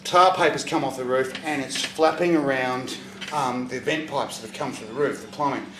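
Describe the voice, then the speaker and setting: A man telling a profane stand-up story, breaking into loud shouts at punchlines. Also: medium pitch, moderate pace, noisy background. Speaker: stand-up comedian. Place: comedy venue stage, audience laughter. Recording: echoey live venue from far off.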